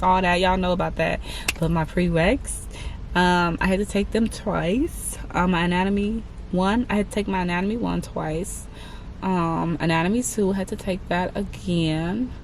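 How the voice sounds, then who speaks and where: A woman in her twenties telling a candid personal story to her viewers, chatty and halting, often calling them "y'all". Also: fairly low pitch, fairly even intonation, slight background noise. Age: 20s. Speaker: vlogger.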